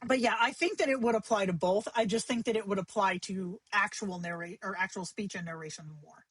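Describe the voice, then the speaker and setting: A woman hosting a livestream tutorial, talking in a chatty, conversational way with quick asides. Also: medium pitch, a bit bright, husky, no echo, rough recording. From Arizona. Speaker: livestream host teaching AI companion tips.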